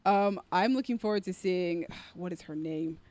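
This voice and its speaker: A woman's voice: lowish voice, moderate pace, darkish tone. A young woman co-hosting a casual podcast chat, eager and chatty, steering the conversation. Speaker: podcast co-host.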